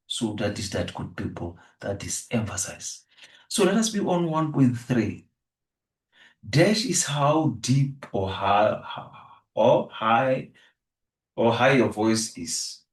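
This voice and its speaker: A man teaching an exam revision lesson, repeating each answer and restating it before moving on. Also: mid-range voice. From South Africa. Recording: echoey room, distant from the mic.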